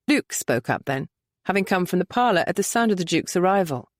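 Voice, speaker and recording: A woman reading a novel aloud with expressive, varied narration. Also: fairly low pitch, normal speed, no echo, clean studio sound. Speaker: audiobook narrator. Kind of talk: scripted narration.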